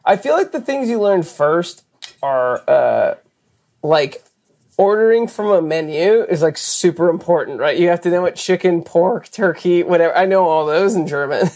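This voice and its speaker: An American podcast host chatting in a relaxed, self-deprecating way about touring. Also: mid-range voice, normal speed. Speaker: podcast host, band member. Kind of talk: casual podcast chat.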